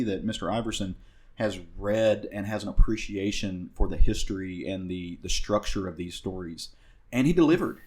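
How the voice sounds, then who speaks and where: A podcast co-host with a Southern US accent recaps a comic book, rambling casually with lots of fillers and restarts. His voice sits fairly low and has a darkish tone.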